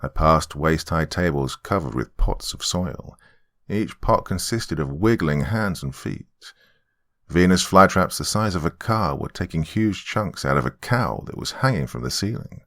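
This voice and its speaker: Very deep-voiced man narrating horror. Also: animated, unhurried, a bit bright. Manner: dramatic first-person storytelling. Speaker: horror podcast host and narrator.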